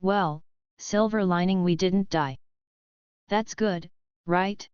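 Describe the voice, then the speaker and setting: A woman's voice: lowish voice, takes it slowly, darkish tone, clean tone, no echo, muffled recording. A woman voicing a sarcastic young male superhero who jokes flippantly. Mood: joking. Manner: joking, flippant.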